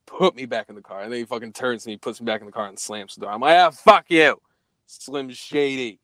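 A young man telling a story in casual podcast chat, profane and animated, acting out the quoted dialogue. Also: on the low side, racing, no echo.

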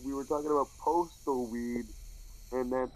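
Rambling mellow Canadian guy. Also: mid-range voice, steady tone, moderate pace, rough recording. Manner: rambling, hesitant, many restarts. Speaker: live show co-host. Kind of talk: casual stoned chat.

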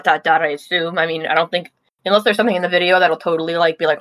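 A woman co-hosting a casual podcast review, offhand and a little halting, recorded remotely over a call. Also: fairly low pitch, a bit bright, no echo, low-quality recording. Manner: offhand, talks while chewing, with frequent ums and restarts. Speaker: podcast co-host.

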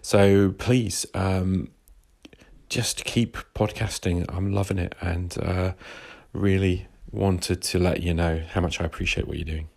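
A male caller leaves an enthusiastic, friendly voice message. His deep voice carries a gravelly fry. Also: steady tone, measured pace, a little mellow. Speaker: caller, fellow podcaster. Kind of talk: recorded voice message.

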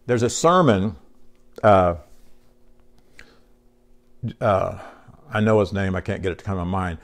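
A man's voice: deep voice, a little slow. A man preaches to his congregation in a folksy, conversational way. He reads scripture aloud and keeps turning to the room with questions. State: short on sleep. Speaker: pastor. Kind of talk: sermon.

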